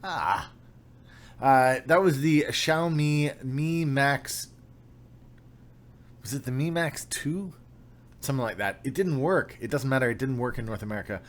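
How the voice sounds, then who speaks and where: A man's voice: mid-range voice, unhurried, pauses often. A young man hosting a casual livestream, upbeat and chatty, greeting viewers by name. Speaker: livestream host.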